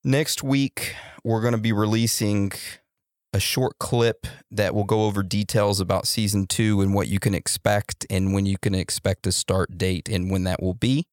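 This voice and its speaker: A man's voice: on the low side, steady tone, normal speed, darkish tone, dry recording, clean studio sound. A man hosting a podcast in a laid-back, rambling way, laughing easily between thoughts. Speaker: podcast host. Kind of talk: casual podcast chat.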